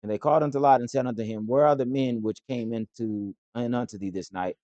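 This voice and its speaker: A man reading scripture aloud in a steady, plain way. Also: medium pitch, fast talker, no room sound, lo-fi sound. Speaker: scripture reader.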